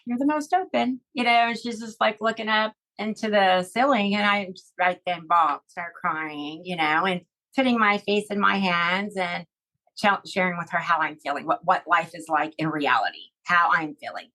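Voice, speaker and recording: A woman's voice: on the low side, steady tone, moderate pace, pushed and bright, poor audio. A middle-aged woman telling a personal story in a podcast interview, heartfelt and rambling, with many fillers and restarts. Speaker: guest.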